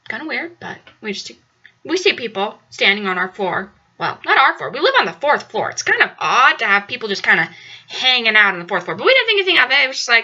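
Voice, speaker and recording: A young woman casually telling a story about her apartment, acting out the quotes with big swings in her voice. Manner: animated, acts out quotes with big pitch jumps. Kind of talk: casual anecdote. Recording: dull lo-fi audio.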